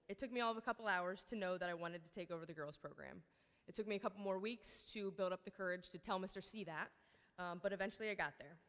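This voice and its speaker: This coach of a girls' team, a woman in her thirties, has a mid-range, fairly bright voice. Her emotional awards ceremony speech, peppered with nervous ums and thank-yous, echoes through a big school hall over the PA.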